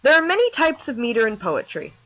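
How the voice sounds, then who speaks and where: A woman reading a scripted lesson aloud as narration for an animated video, in a clear, explanatory way. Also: fairly high pitch, brisk, muffled recording, slight background noise.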